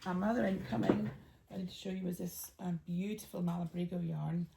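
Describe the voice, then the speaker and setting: A woman hosting a craft podcast, chatting casually with many ums and soft asides as she shows yarn and patterns. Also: on the low side, fairly even intonation, a little fast, gravelly, heavy background noise.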